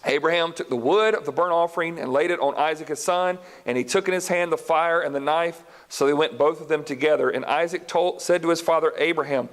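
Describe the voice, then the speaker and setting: An animated male Bible teacher reads scripture and quizzes his listeners as he goes. His voice sits fairly high. A long reverb from the large hall trails after every line. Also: a little fast, few pauses. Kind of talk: live Bible lesson.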